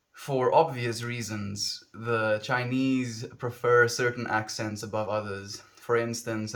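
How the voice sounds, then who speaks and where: A man from South Africa, speaking in a South African accent with a voice on the low side and a fairly bright tone, chats casually on his livestream. His talk with viewers is reflective and rambling, with frequent self-corrections mid-sentence.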